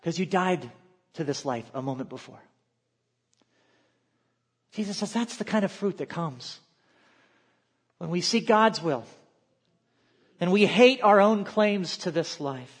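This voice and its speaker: High-voiced man preaching a sermon. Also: a little slow, long pauses, slightly rough. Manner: expressive preaching, quotes scripture aloud, drops to quiet asides. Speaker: pastor.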